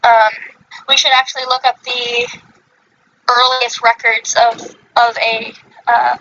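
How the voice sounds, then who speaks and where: A woman's voice: fairly high pitch, little pitch movement, slow pace, bright, forceful tone, highs cut off, a little hiss or hum. A woman hosting a podcast in casual chat, rambling with many fillers and self-corrections. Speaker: podcast host.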